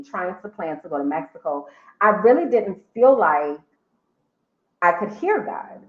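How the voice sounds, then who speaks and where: A woman telling a personal life update in a candid, emotional way, with casual slang. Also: lowish voice. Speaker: vlogger sharing a life update. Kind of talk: personal livestream story. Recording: tinny phone-like sound in an echoey room.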